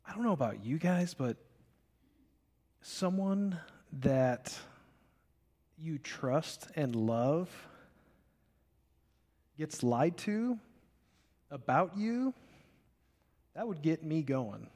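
A young man preaching a sermon, telling biblical stories in an animated way and acting out the characters. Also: a little high, very slow, pauses often. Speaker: pastor. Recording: long reverb of a large hall.

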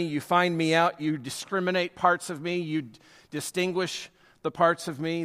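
A man's voice: on the high side, a bit bright, big-room sound. A man preaching a sermon as a pastor, emphatic, with his delivery rising and falling in force.

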